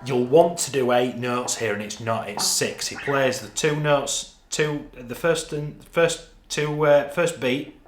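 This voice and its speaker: A man's voice: medium pitch, slow pace, reverberant. A man with a Northern English accent teaching a guitar lesson, counting beats and explaining parts as he plays. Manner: talks through parts while playing, counting beats aloud.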